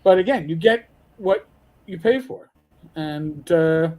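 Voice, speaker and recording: A man's voice: a little high, animated, slow pace, darkish tone. An older retired man, hosting a casual livestream chat and telling stories bluntly. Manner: blunt, storytelling with profanity. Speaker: show host.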